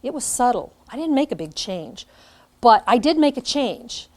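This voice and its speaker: Middle-aged woman, teacher educator, lively classroom lecture, acts out examples. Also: fairly high pitch, moderate pace. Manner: animated, demonstrates by acting out lines.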